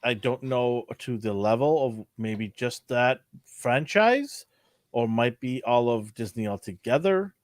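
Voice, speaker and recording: An older man hosting a casual pop culture chat, animated and laughing often. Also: mid-range voice, a little slow, no echo, clean studio sound. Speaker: podcast host.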